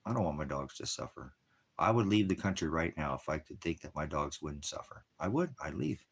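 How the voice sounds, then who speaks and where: An American military veteran with a slightly rough bass voice speaks fairly quickly and with animation. Hosting a ministry livestream out in the desert, he angrily berates viewers in his chat with heavy profanity.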